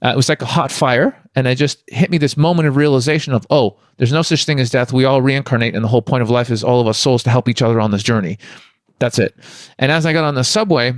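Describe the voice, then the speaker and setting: Fast-talking man from Toronto. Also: mid-range voice, no room sound, studio quality. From Toronto, Canada. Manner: rambling, spiritual, candid. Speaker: podcast guest. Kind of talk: conversational storytelling.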